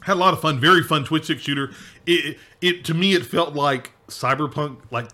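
Male podcast host, bright tone, loose rambling chat with frequent laughs. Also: on the high side, normal speed. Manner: laughs often, rambling with restarts. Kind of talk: casual gaming podcast chat.

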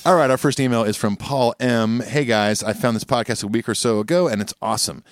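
A man's voice: mid-range voice, fairly quick, no room sound, clean studio sound, faint music behind. A man co-hosting a podcast in casual chat, laid-back and joking as he reads listener emails. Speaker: podcast co-host. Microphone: studio microphone.

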